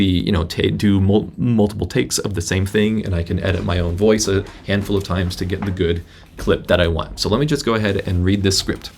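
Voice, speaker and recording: A man teaching a software tutorial in a casual, halting way with many restarts, recorded on a laptop's built-in microphone. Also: fairly low pitch, gravelly. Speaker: instructor. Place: indoor room at a laptop.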